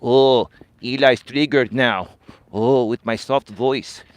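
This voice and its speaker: A man mimicking a sneering male online critic, slow and taunting, deeper than his own voice. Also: dry recording, lightly acted.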